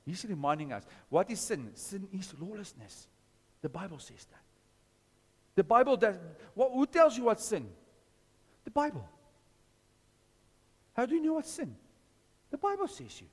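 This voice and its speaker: A man preaches with a high, lively voice that leaps up and down as he questions his listeners. His sermon rings through a hall with a long reverb trailing every phrase. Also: a little slow, long pauses, husky. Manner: questions the congregation, animated. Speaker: pastor.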